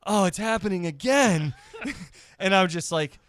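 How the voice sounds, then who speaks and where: A lively, animated male podcast host. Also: sits high, measured pace, no echo, studio quality. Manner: animated storyteller, acts out voices in quotes. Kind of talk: casual comedy podcast chat.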